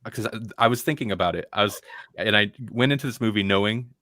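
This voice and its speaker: A man's voice: lowish voice, fast, sharp tone, no echo. Man chatting on a dry close mic. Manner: rambling, restarts often, puts on dull voices to mock actors. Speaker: podcast co-host. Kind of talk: casual film review chat.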